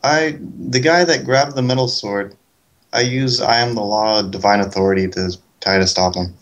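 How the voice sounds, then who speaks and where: A man's voice: fairly low pitch, steady tone, moderate pace, fairly bright tone, low-quality recording. A man playing a tabletop game, hesitant and using many fillers. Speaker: player. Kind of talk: casual tabletop game chat.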